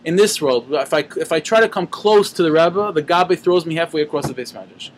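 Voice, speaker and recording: A man teaching a Torah lesson through an animated story, sprinkled with Yiddish and Hebrew terms and frequent restarts. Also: a little high, fairly quick.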